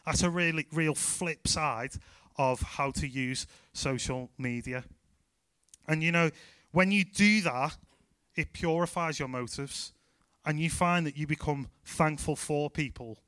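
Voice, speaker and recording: Energetic Scouse man preaching. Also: a little high, slow, smooth, dry recording. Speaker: youth pastor. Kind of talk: sermon.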